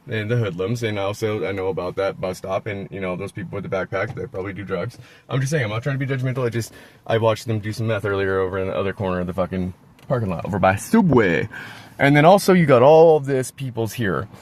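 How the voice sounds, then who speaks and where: A man ranting in a rambling, profane, sarcastic way in a casual vlog, filming on his phone outdoors in a parking lot. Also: lowish voice. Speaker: vlogger.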